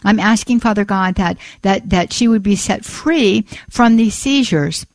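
A woman hosts a call-in radio show and prays aloud earnestly, repeating "Father God" and frequently restarting her sentences. Her voice is medium-pitched and a little slow, in a dry recording.

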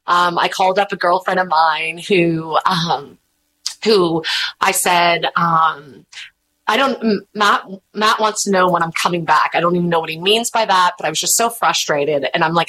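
A woman, chatting in an interview and telling animated stories with voiced quotes. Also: lowish voice, moderate pace, poor audio. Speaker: podcast host and guest. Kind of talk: casual interview chat.

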